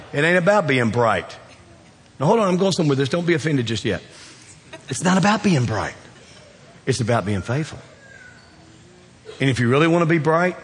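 A man with a Southern Kentucky drawl preaching a sermon in a church, folksy and joking, swinging from loud emphatic peaks down to quiet, low appeals. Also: a little hiss or hum. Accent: Southern US, South Central Kentucky. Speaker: pastor. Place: church sanctuary. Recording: long hall reverb.

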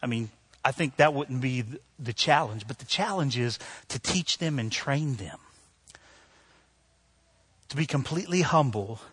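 A middle-aged man preaching a sermon as pastor, telling stories with sudden loud bursts that drop back to soft, earnest lines. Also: mid-range voice, lively intonation, a little slow, pauses often, slightly rough. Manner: storytelling with sudden loud outbursts, then soft.

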